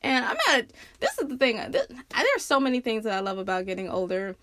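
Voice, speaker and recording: Woman, podcast host, fairly high pitch, candid, laughing, swearing, animated storytelling, dry recording. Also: brisk, no room sound. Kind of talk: casual personal monologue.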